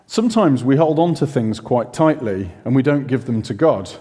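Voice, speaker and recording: A man giving a sermon in a relaxed, conversational way, full of self-questions and chatty asides. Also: medium pitch, moderate pace, husky. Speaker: preacher. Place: church. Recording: reverberant church hall.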